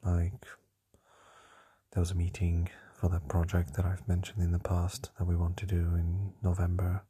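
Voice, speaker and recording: A young man whispering softly into a close mic while lying down at night, a hesitant podcast diary full of fillers. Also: low-pitched, monotone, moderate pace, breathy edge. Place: lying down in a shared home at night.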